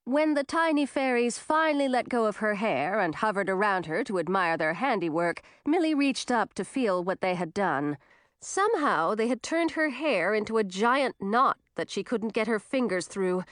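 A woman narrating a storybook in an expressive, animated way. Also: medium pitch, no echo, clean studio sound.

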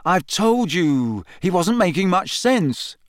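In a clean studio recording with no room sound, a man gives voice to a troubled, earnest teenage boy in an audiobook. His voice sits a little high and is pushed up, with a sing-song lilt at a moderate pace. The boy comes across as weary, somewhat dull, and a bit bitter.

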